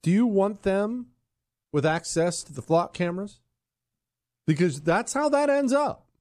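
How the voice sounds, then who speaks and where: A male talk radio host argues his point hard, his voice swinging widely in pitch as he pushes to loud, emphatic peaks. The studio sound is close and dry, with no room around it. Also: expressive, measured pace, no echo. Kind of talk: opinionated talk radio monologue and live ad read. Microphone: studio microphone.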